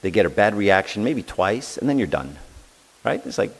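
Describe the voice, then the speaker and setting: A middle-aged man giving a parenting seminar in a conversational way, often ending his points with a quick question and acting out the voices in his stories. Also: lowish voice, sing-song, creaky, slightly rough. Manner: conversational, tags lines with "right?"; acts out quoted dialogue. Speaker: seminar speaker. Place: church hall. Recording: long hall reverb.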